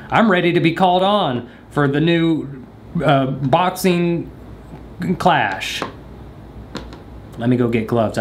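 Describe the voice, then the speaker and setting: A man films himself alone in a room of his house, chatting to the camera in a rambling, jokey way. His pitch swings up and down a lot as he pokes fun at himself. A faint hiss sits under the recording. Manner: rambling, jokey, self-mocking. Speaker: vlogger. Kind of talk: casual monologue to camera.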